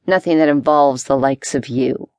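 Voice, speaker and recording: Brief: woman doing a growling, sneering older male thug in a storybook, low and gruff. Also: moderate pace, dry recording, close to an everyday voice. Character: scarred tough older male gang leader, sneering.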